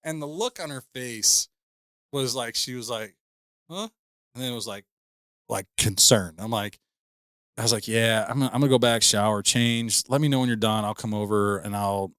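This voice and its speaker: Low-voiced man telling a story. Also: a bit bright, no room sound, clean studio sound. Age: 30s. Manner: laughing, rambling storyteller with many restarts. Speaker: podcast co-host. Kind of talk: casual storytelling chat.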